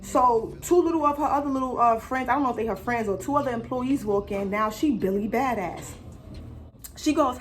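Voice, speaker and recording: A woman telling a story on her vlog in an animated way, full of swearing and slang. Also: on the high side, moderate pace, a little hiss or hum. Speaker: vlogger.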